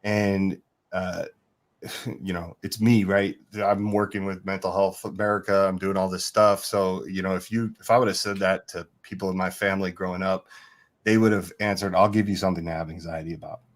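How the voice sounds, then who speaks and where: A chatty middle-aged man spinning a story as a podcast guest, slipping into quoted dialogue as he goes. His voice sits a little low. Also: flat delivery, normal speed. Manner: chatty anecdotal, quotes people in dialogue, laughs often. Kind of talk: casual interview storytelling.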